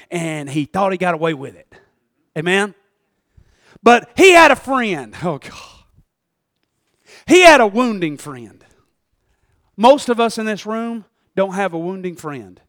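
A man delivers a sermon in a high-pitched voice. The sound is dry and close. He is emphatic and folksy, rising to loud exhortation and falling back to quiet asides. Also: dry recording. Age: 40s. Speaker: pastor.

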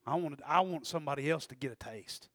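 A male pastor preaching an impassioned sermon in a church, swinging from shouts to hushed asides. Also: on the high side, quick pace, dry recording, clean studio sound. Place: church sanctuary.

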